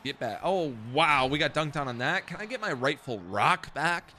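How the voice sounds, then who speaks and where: A young man giving loud, profane, self-mocking commentary while streaming a football video game. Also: fairly high pitch, expressive, a little fast, a little hiss or hum. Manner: profane, self-mocking trash talk with sudden outbursts. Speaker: gaming streamer. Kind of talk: live gameplay commentary.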